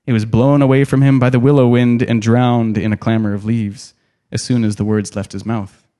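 A man reading a novel aloud in an expressive, dramatic way, pausing to add his own comments. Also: mid-range voice. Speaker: storyteller.

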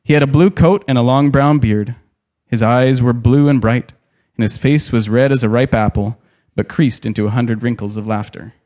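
A man reading a novel aloud in an expressive, dramatic way, pausing to add his own comments. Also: medium pitch. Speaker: storyteller.

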